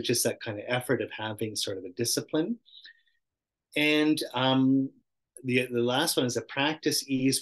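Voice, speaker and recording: A middle-aged man teaching a casual meditation class, chatty and self-interrupting, often laughing and acting out little voices. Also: medium pitch. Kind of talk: casual dharma talk.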